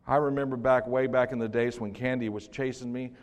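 An older man preaching a sermon as pastor in a church, swinging from hushed to loud with joking asides. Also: mid-range voice, steady tone, brisk. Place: church sanctuary. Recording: long reverb of a church hall.

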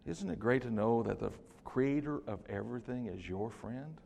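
An older man with a gravelly voice preaches a sermon in a church, dropping low and then rising loud, with joking asides between points. His voice rings with a long reverb from the hall. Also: lively intonation, moderate pace. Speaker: pastor. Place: church sanctuary.

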